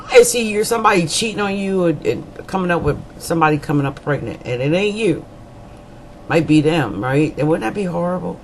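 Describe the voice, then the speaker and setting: Lively, rambling woman astrologer. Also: lowish voice, a little hiss or hum, poor audio. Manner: rambling, colloquial and chatty, with asides and jokes; repeats words for emphasis. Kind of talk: monthly horoscope reading to camera.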